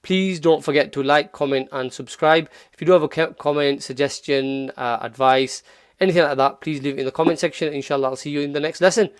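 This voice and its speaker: Brief: male tutor, slightly high, smooth voice, patient, drills sounds slowly, dry close mic. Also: steady tone, no echo. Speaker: Quran recitation teacher. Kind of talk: relaxed tutorial, modelling Arabic phrases slowly.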